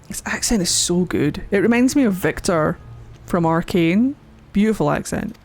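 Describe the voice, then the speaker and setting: A woman streamer with a lowish, slightly mellow voice plays a game while giving excited let's-play commentary. At a moderate pace and with lively intonation, she gushes, gets rowdy, and cheers at the screen.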